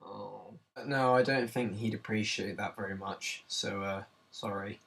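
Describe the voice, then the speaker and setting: A young man hosting his own vlog at home in a goofy, self-mocking, excitable way. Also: on the low side, measured pace, gravelly, distant mic. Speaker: vlogger host. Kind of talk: jokey casual vlog.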